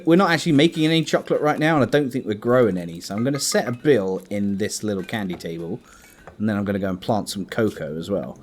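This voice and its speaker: A man's voice: medium pitch, a little mellow. A man giving casual gameplay commentary as a let's play host, thinking aloud and chatting to his game characters.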